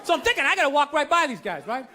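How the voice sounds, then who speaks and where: A stand-up comedian with a very high voice races through his set, rapid-fire and very animated. He rambles and mocks himself, saying "you know" constantly, recorded live in a club on a comedy stage over loud crowd noise.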